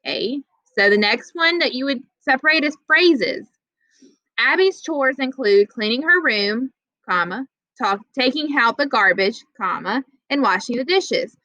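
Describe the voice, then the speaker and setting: Woman, teacher, bright clear voice, slightly high, dry close sound, grammar lesson. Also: animated, dry recording, muffled recording. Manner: explains plainly, reads example sentences slowly.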